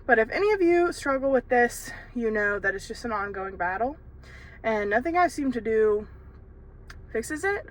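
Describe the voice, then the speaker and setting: On her lunch break, a young woman films a casual vlog in her car and while running errands, talking candidly into a handheld phone with frequent fillers and laughs. She has a slightly high voice that sounds pushed and bright.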